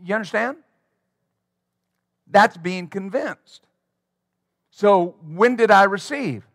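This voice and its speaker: A man's voice: high voice, expressive, takes it slowly, fairly bright tone, dry recording, studio quality. A man preaching a sermon as pastor, emphatic and rhythmic, drawing call-and-response from his congregation.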